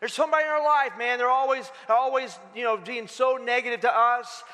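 A preacher with a very high voice for a man delivers an energetic, folksy sermon, often prodding his congregation for responses. His tone is bright and forceful, and the long reverb of a large hall follows each phrase. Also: fairly quick. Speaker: pastor.

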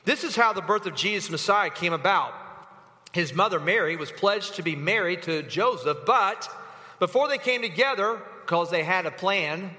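A man preaching a sermon in a church, telling the story with animated acting and quick asides to the congregation. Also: high voice. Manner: animated storytelling, acts out voices of people in the story. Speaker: pastor. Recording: long hall reverb.

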